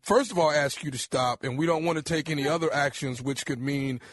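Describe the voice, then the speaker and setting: A man playing a self-righteous male campaign official on a prank phone call, polite at first and then shouting threats. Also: a little high, fairly quick, dry recording, voice pushed down. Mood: stiffly polite. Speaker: prank caller.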